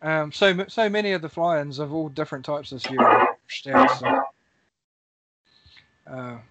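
A man's voice: on the high side, animated, normal speed, very noisy. A man hosting a casual panel chat over an online call, joking and laughing easily. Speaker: podcast host.

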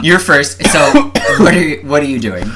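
A man hosting a casual podcast who keeps cutting in with jokes and teasing questions. His pitch jumps around a lot, giving his talk an animated, playful feel. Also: unhurried, over music. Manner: joking, teasing interjections. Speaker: podcast host. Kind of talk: casual chat.

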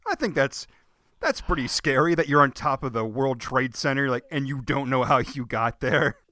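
A man's voice: mid-range voice, expressive, normal speed, sharp tone, no room sound. A man co-hosting a movie podcast, laughing often and swearing as he riffs. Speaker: podcast co-host. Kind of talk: casual movie podcast chat.

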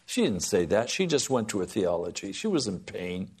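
A man preaching a sermon to a congregation, swinging from loud pleading to soft, hushed lines. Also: fairly low pitch, sing-song, moderate pace, husky.

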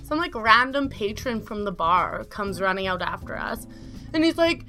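A woman's voice: mid-range voice, lively intonation, normal speed, sharp tone, soft background music. A young woman telling a story in casual podcast chat, rambling, saying "like" a lot and laughing often. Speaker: guest storyteller.

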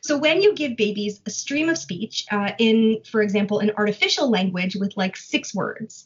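A woman's voice: medium pitch, slightly rough. A woman researcher who studies how babies learn language, explaining the research patiently in conversation and thinking aloud through examples. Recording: dull lo-fi audio.

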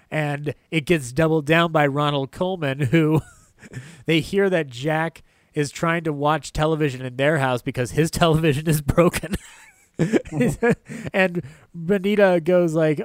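A man's voice: a little high, unhurried, no echo, clean studio sound. A man hosting a casual film discussion, enthusiastic and rambling, laughing often. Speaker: podcast host.

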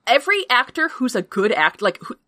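A woman hosting a podcast in casual chat, recapping a film with energetic, profane enthusiasm and frequent laughter. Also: a little high, a little fast, dry recording, clean studio sound. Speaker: podcast host reviewing a film.

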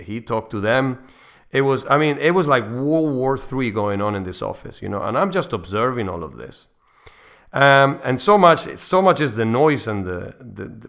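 A man's voice: medium pitch, fairly bright tone. A middle-aged man hosting a faith podcast, earnestly telling a personal story in a rambling way, with frequent restarts. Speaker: podcast host.

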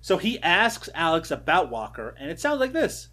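A man's voice: a little high, huge pitch swings, moderate pace, sharp tone. A man hosting a casual podcast, animatedly retelling film scenes and laughing often. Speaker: podcast host. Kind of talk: casual film recap chat.

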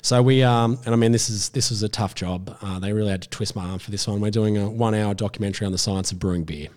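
A man's voice: fairly low pitch, fairly even intonation, fast talker, a little mellow. A man with an Australian accent, a television presenter chatting as a guest, rambling with restarts and acting out voices. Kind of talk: casual interview chat.

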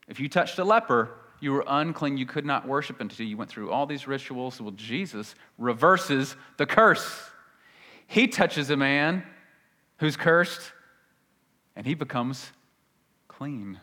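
A male pastor preaching a sermon, swinging between loud emphatic peaks and hushed, low phrases. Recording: long hall reverb.

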